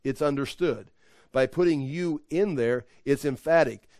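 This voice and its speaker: A man's voice: mid-range voice, moderate pace, a little mellow, no echo. Man teaching Bible study, emphatic, conversational, dry close sound. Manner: conversational, emphatic, with self-corrections.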